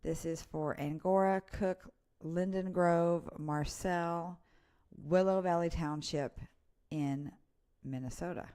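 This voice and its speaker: A woman's voice: fairly low pitch, fairly even intonation, slow pace, warm tone, smooth. A woman giving a casual live severe weather update, chatty and informal as she walks through radar warnings. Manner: chatty and informal, reading place names off radar. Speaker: weather presenter.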